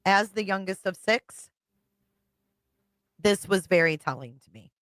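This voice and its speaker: A woman's voice: medium pitch, lively intonation, unhurried, fairly bright tone, no room sound. A woman co-host reacting bluntly to a video, talking casually and swearing freely. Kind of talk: casual commentary.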